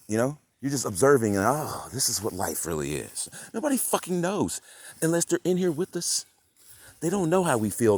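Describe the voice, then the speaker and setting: A man vlogging a rambling, profane rant that swings between muttering and loud outbursts. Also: medium pitch, no room sound. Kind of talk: rambling monologue.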